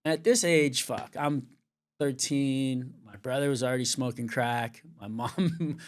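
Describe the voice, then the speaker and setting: A man's voice: mid-range voice, measured pace. A middle-aged man from California tells his story in a frank, unpolished way. He swears freely and jumps into other people's voices when he quotes them. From Venice, California. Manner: swears freely, acts out quoted dialogue with lively shifts. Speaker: surf commentator, interview guest. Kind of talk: candid storytelling interview.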